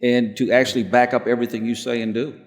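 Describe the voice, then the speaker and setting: A man's voice: mid-range voice, flat delivery, fast. Confident guy on a panel, punchy and plain, lots of big-room reverb. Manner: confident, emphatic, plain-spoken. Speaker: law firm owner, panelist. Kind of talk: live panel discussion. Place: large stadium event on stage.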